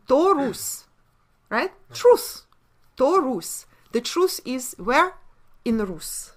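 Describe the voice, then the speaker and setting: A woman's voice: a little high, very animated, extremely slow. A woman with a Russian accent, a native Russian speaker, giving a webinar lecture on word origins. She talks emphatically and keeps posing rhetorical questions, then answering them herself. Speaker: webinar presenter.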